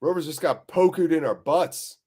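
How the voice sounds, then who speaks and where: Sweary, weary football watchalong host. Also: male voice, on the high side, normal speed, a little mellow, a little hiss or hum. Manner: sweary, jokey, reads out chat messages; weary and deflated. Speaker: host of a live fan watchalong stream. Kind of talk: casual live-stream chat reading viewer comments.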